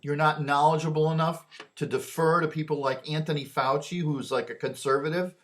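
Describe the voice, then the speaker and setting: A man's voice: a little high, steady tone, fairly quick, fairly bright tone. A man delivering a rambling opinion monologue, often repeating and restarting his words.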